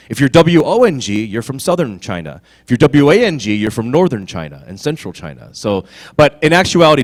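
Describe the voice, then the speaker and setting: A man in his forties, a guest on a convention panel, telling stories in an animated way and breaking into loud mock voices. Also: medium pitch. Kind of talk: storytelling on a panel stage. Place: convention hall stage.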